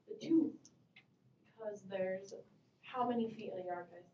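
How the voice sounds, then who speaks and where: An upbeat woman math teacher with a medium-pitched, dark-toned voice at normal speed leads a lesson, quizzing the class and calling on students. A distant camera mic picks her up from across a roomy classroom, with a faint hum.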